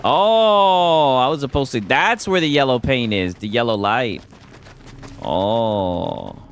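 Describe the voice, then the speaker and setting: A man's voice: mid-range voice, animated, slow, slight background noise. Laid-back Southern man playing a game. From Atlanta, USA. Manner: laid-back, rambling, swearing, laughing chatter. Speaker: gaming streamer. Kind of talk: casual let's-play commentary. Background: game music.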